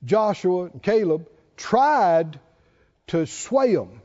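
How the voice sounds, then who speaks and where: A male preacher giving an animated sermon, reading scripture aloud and acting out the quotes. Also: high-pitched, slow. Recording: dull recording in a reverberant hall.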